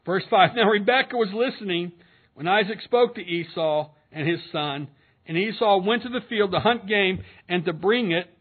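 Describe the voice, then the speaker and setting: A man's voice: high voice, expressive, moderate pace, breathy edge. A man, a pastor, preaching an earnest sermon, reading scripture aloud and commenting between the verses. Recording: narrow phone-like sound.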